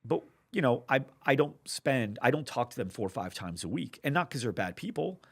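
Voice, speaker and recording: A middle-aged man, a guest author on a podcast, telling anecdotes with frequent restarts and rising excitement. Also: medium pitch, a little fast. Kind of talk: podcast interview storytelling.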